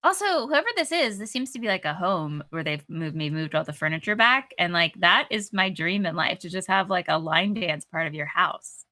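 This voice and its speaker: A woman's voice: fairly low pitch, expressive, moderate pace, few pauses, bright, forceful tone. A young woman co-hosting a game stream, chatty and giggly, wandering off on tangents. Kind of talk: casual game-stream chat.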